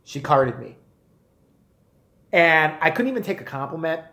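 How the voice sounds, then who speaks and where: Animated, profane man in his forties ranting. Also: on the high side, moderate pace, echoey room. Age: 40s. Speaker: live stream host. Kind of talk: casual rant.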